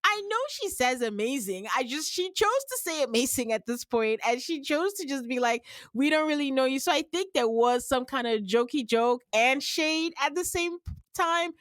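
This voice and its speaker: A woman hosting a casual podcast recap, telling the story with lively acted-out quotes. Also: normal speed, no room sound. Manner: animated storyteller, acts out quotes with big pitch jumps. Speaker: podcast host recapping a reality show. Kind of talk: casual chat.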